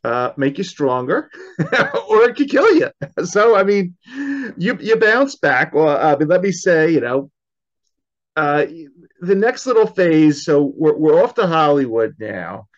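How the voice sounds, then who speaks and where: A man's voice: fairly high pitch, big pitch swings, a little slow. A man hosting an interview, asking rambling questions full of fillers. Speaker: podcast host, interviewer. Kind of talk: casual interview. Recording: dull, lo-fi remote audio.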